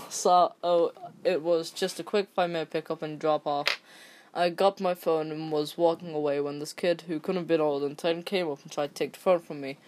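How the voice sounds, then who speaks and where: A woman's voice: low-pitched, a little mellow, a little hiss or hum. A woman from England, casually reading an online story aloud and breaking off into rambling, sweary asides and stumbles. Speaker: story reader.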